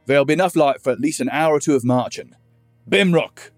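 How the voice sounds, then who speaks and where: A man doing a gruff, barking dwarf officer. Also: mid-range voice, fast, a little mellow, no room sound, soft background music, voice pushed up, natural voice. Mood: impatient. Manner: barking, impatient.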